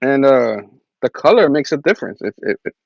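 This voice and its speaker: A man's voice: mid-range voice, sing-song, fairly quick, gravelly, no room sound, muffled recording. A man hosting a casual comic chat, joking and hesitant. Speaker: show host.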